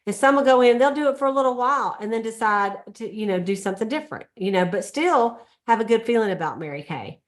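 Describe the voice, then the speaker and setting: A woman's voice: fairly high pitch, animated, brisk, hardly any pauses, a bit bright. A middle-aged or older woman, leading a sales meeting in a casual, chatty way and acting out little scenes. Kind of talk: casual motivational talk.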